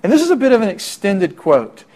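A young man preaches to a room of students, leaning on rhetorical questions and plain talk. His voice sits a little high for a man. The tone stays conversational rather than formal. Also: sing-song, brisk, darkish tone, husky. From Middle Tennessee. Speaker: campus minister. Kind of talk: sermon.

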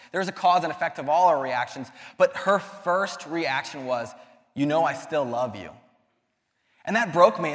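A man's voice: high-pitched, fairly bright tone. A young man giving a casual sermon to a youth group, earnest and conversational, often restarting his sentences. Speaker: youth ministry speaker. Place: church hall. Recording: long hall reverb.

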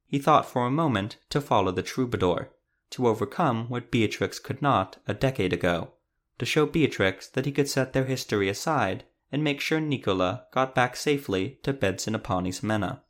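A man's voice: mid-range voice, expressive, moderate pace. A man narrating a fantasy story. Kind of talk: scripted fantasy audiobook narration.

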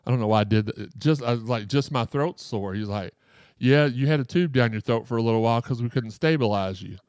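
Male podcast host, smooth dry voice, rambling and jokey, sore throat. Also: mid-range voice, brisk, darkish tone, dry recording. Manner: joking, rambling, reads chat comments aloud. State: sore throat after surgery. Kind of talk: live-streamed casual podcast chat.

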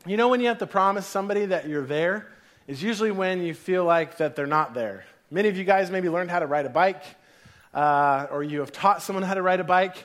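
A man's voice: high voice, a little fast. A man in his thirties preaching a sermon as a pastor, in a casual storytelling way that acts out the voices of his kids and God.

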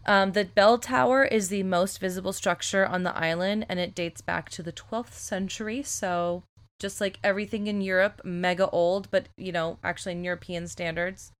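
A woman co-hosting a casual podcast, chatty and loose, swearing freely and filling pauses with ums. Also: medium pitch, fairly even intonation, clear, resonant tone. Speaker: podcast co-host. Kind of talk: casual chat.

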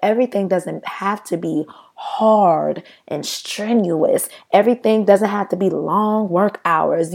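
A woman's voice: medium pitch, a little mellow. A young woman hosting a solo motivational podcast, talking conversationally and often checking in with "right?". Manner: conversational, frequent "right?" asides. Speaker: podcast host.

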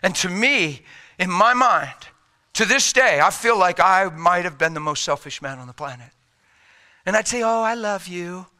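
Middle-aged male pastor, sharp bright tone, slightly high; folksy sermon, loud urgent pushes and hushed quiet stretches. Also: lively intonation, normal speed. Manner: swings between loud urgent exhortation and quiet intimate hush; folksy, plain-spoken preaching.

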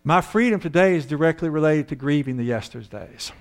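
A man preaching a sermon in an animated way, acting out voices and asking his listeners questions. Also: on the high side, fairly quick, gravelly. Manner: animated, acts out voices and asks the audience questions.

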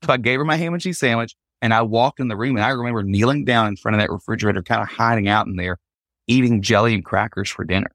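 A man's voice: lowish voice, quick pace, no echo, studio quality. A man, a guest on a podcast, telling a personal story and acting out the people in it. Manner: animated, acts out quotes in the story. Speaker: podcast guest, Christian singer.

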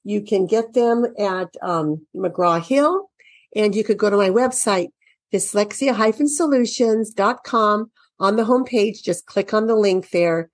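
A woman's voice: mid-range voice, a little slow, no echo. A woman walking parents through children's reading workbooks in a chatty, thinking-aloud way, turning sing-song when she reads to children, speaking into a computer mic during an online share. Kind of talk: casual instructional walkthrough. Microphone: computer mic during an online screen share.

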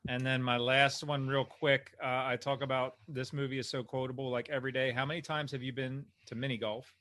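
A man hosting a casual podcast, upbeat and quick to laugh. His voice is bright and forward, sitting in a middle pitch. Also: level tone. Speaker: podcast host. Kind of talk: casual chat about a film.

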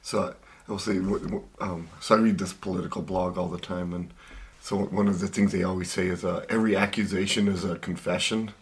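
A man's voice: deep voice, steady tone, brisk. A man co-hosting a casual podcast, chatting about a TV show and chuckling often. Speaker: podcast co-host. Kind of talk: casual recap chat.

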